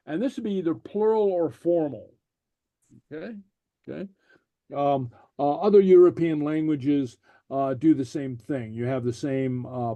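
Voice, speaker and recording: A man teaching a language class, pausing often with fillers and repeating each word for his students. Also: mid-range voice, dark tone, no room sound. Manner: halting, many fillers, repeats words for students.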